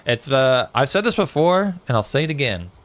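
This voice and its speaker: A man's voice: medium pitch, sing-song, moderate pace, fairly bright tone, dry recording. A man chatting casually with viewers on a live gaming stream, reading out chat messages with lots of fillers. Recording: faint music behind.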